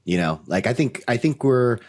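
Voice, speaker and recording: A man's voice: medium pitch, expressive, moderate pace, a little mellow. A man co-hosting a podcast in casual chat, playful and teasing as he argues points. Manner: playful, teasing, plays devil's advocate. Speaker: podcast co-host.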